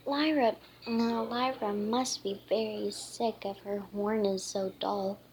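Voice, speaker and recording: A woman voicing a young female candy fairy in a storybook reading, halting and stumbling over her lines. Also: mid-range voice, fairly even intonation, darkish tone, a little hiss or hum. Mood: worried.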